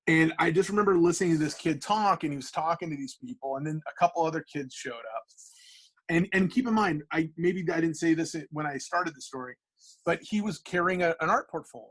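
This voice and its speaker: Casting note: man guest on a podcast, chatty animated storyteller, restarts a lot, voice pitched a bit high. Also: fairly quick, rough recording. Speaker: comic book artist guest.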